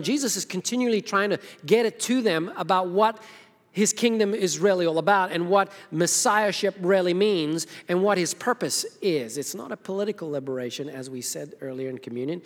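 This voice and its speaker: A man with a slightly high voice preaches a sermon in a church, retelling the story with casual energy and acting out each character's lines. His voice rings with the long reverb of a big hall. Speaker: pastor.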